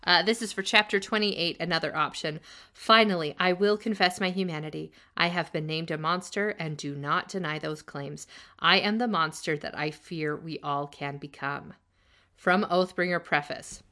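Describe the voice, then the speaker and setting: Bright-voiced, thoughtful woman co-host. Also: deep voice, moderate pace. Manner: thoughtful, musing recaps. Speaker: podcast co-host. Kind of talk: casual book discussion.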